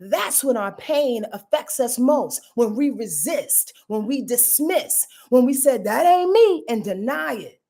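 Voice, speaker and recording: A woman's voice: a little high, expressive, measured pace, few pauses, mellow. A woman astrologer giving a live reading, emphatic and talking straight to her viewers, repeating phrases and laughing at her own jokes, with features.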